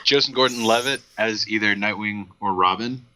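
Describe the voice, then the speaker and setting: A man's voice: fairly low pitch, normal speed, bright, forceful tone, no echo, low-quality recording. A man co-hosting a podcast, chatting casually and hesitantly, often restarting his sentences. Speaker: podcast co-host. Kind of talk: casual chat.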